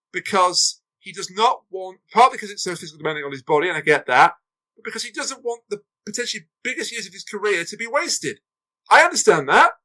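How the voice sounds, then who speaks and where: Earnest man co-host, high, bright voice, firm opinions. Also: rough recording. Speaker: podcast co-host. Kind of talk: casual chat.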